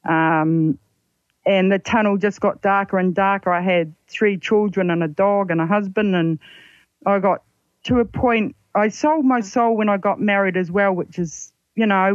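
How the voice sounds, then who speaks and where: An older woman with a New Zealand accent speaks earnestly, pausing and restarting as she reflects. Her voice comes through dull and lo-fi, dry and close with no room around it. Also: mid-range voice, dry recording. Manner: halting, reflective, earnest storytelling. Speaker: guest psychic and author. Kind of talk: personal story on a radio interview.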